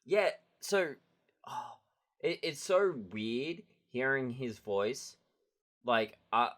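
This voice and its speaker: A man's voice: mid-range voice, lively intonation, slow pace, fairly bright tone. A man co-hosting a podcast in casual chat, easygoing and a little hesitant, with lots of fillers. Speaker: podcast co-host.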